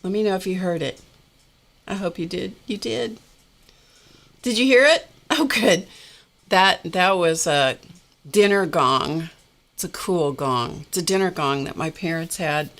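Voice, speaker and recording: A woman's voice: on the low side, unhurried, a bit bright. Chatty woman hosting a craft livestream. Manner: chatty, rambling, laughs often, talks to viewers by name. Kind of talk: casual livestream chat.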